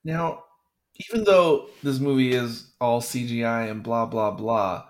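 A man's voice: medium pitch, unhurried. A man co-hosting a casual movie commentary, rambling and stopping himself mid-thought. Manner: rambling, self-interrupting. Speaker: podcast co-host.

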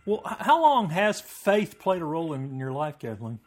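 A man hosting a podcast, introducing his guest and asking questions in a measured way. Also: fairly high pitch, big pitch swings. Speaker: podcast host.

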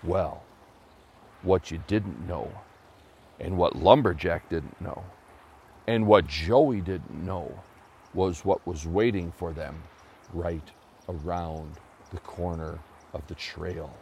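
Low-voiced man telling a folksy story. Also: slow, vocal fry, long pauses, darkish tone, slight background noise. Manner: folksy, explains as he goes. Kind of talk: told children's story.

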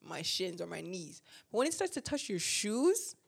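A woman's voice: on the low side, very animated, moderate pace, creaky, breathy edge. A young woman co-hosting a podcast, chatting casually in a teasing, playful way. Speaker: podcast co-host. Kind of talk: casual chat.

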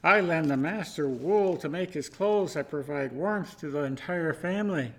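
A man's voice: fairly high pitch, normal speed, a bit bright. A man voicing a smug, proud sheep in a story told from the pulpit.

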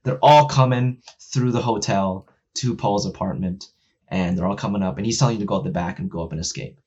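Rambling man with a husky voice. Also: fairly low pitch, brisk, highs cut off. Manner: rambling, profane, many fillers, acts out characters' lines; gets loud and excited when making a point. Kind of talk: casual chat.

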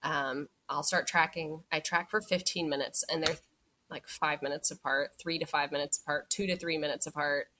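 There's background noise as a young woman with a low-pitched, steady voice tells her birth story at normal speed on a podcast. It's casual storytelling: she's chatty, fills it with "like," and acts out what she said back then.

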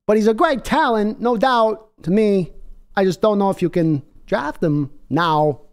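A man doing a halting, puzzled team boss. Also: high voice, clean tone. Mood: puzzled musing. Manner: halting, oddly paused phrasing. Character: hesitant middle-aged male team executive, halting and odd.

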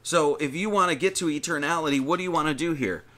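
Bright-voiced man preaching casually. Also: fairly high pitch, fast. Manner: conversational, with many restarts and emphatic lists. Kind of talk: informal sermon reading and commenting on scripture.

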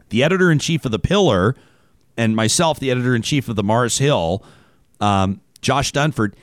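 A man in his forties hosting a radio talk show, chatting casually with many halting restarts. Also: medium pitch, no echo. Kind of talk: casual radio interview chat.

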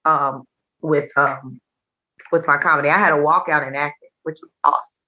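Low, bright-voiced woman telling stories. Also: moderate pace, lo-fi sound. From Nashville. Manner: animated storyteller who acts out quotes. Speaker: comedian and teacher, podcast guest. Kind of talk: casual interview chat.

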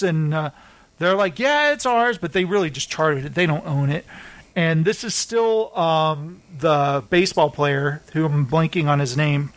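A man hosting a casual chat show, recapping TV episodes with animated storytelling and acted-out quotes. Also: a little high, normal speed. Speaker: podcast host.

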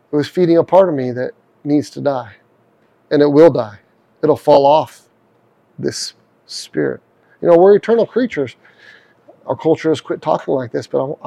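A middle-aged man delivers a radio sermon in a gravelly, mellow voice. He talks earnestly and conversationally, acting out heartfelt prayers aloud. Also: fairly high pitch. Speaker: radio preacher.

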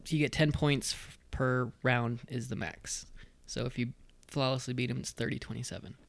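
A man rambling loosely through casual chat, swearing freely. His voice has a gravelly fry and sits at a middle pitch, and the sound is dry and close. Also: steady tone, moderate pace, no echo.

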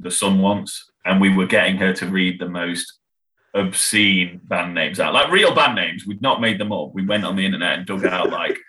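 A man talks casually as a podcast guest. His voice is low yet bright and forceful, and he rambles, restarts his sentences and laughs a lot. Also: rough recording. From England. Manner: rambling, self-interrupting, laughs often. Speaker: podcast guest, band member. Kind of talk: casual chat.

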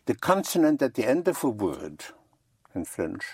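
A man's voice: mid-range voice, big pitch swings, normal speed, husky, dry recording. A man teaching a class in a patient manner, repeating and spelling out words for his learners. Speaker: French teacher.

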